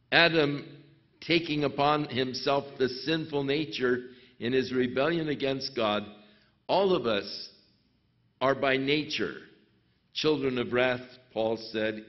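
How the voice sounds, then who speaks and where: Slow-preaching man, dull lo-fi sound. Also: medium pitch. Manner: slow, deliberate preaching with sudden emphatic rises. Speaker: pastor. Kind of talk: sermon. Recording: dull lo-fi recording.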